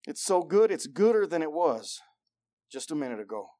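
High-voiced preacher with big swings. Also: male voice, moderate pace. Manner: swings between loud excited preaching and hushed intensity; acts out voices of God and believers. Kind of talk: sermon.

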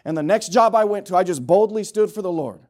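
A middle-aged man preaching a sermon, swinging from loud urgent exhortation to low joking asides with the congregation. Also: fast.

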